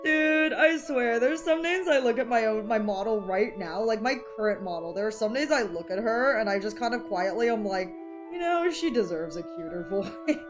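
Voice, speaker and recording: A woman VTuber streamer chatting casually in a gremlin-like rather than cutesy voice, rambling and excitable, often breaking into high squeals and laughter. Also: normal speed, few pauses. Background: background music.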